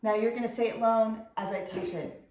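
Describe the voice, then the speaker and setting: A middle-aged woman, a reading tutor, patiently explaining and clearly sounding out syllables in an instructional video. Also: on the high side, steady tone, a little fast, a little mellow. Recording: echoey room.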